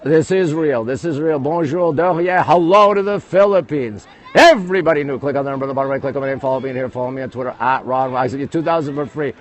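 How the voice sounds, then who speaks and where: A man with a New York accent, hosting a live walking tour on his phone, talking quickly and greeting viewers all the time. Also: mid-range voice. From United States. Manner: rapid-fire, greeting viewers constantly. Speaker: livestream host. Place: outdoors at a busy historic site. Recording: faint outdoor city noise.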